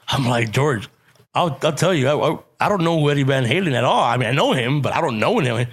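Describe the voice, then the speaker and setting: A man with a Chicano English accent telling stories in a casual chat, animated, swearing and laughing. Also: mid-range voice, moderate pace, husky. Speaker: podcast guest, actor and comedian.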